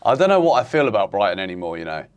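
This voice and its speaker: Animated man ranting about football. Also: on the low side, very fast. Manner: animated, exasperated rants. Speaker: football podcast host. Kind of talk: casual football chat.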